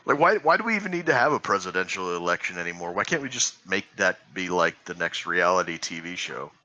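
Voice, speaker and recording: A man's voice: low-pitched, big pitch swings, quick pace, pushed and bright, no room sound, poor audio. A young man co-hosting a podcast, telling rambling jokes and chuckling. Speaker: podcast co-host. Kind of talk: casual comedic chat.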